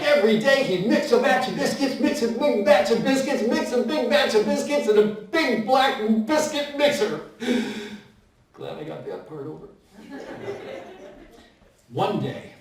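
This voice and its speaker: A man telling a story at a live festival, rattling off tongue twisters with playful asides to the audience. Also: high voice. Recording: echoey hall from far off.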